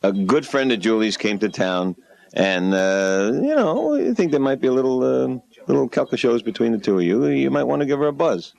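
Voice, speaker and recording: A man's voice: medium pitch, sing-song, a little fast, gravelly, dull audio. A man voicing a pushy, meddling friend who coaxes and urges. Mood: coaxing. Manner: urging, coaxing, hushed then chatty.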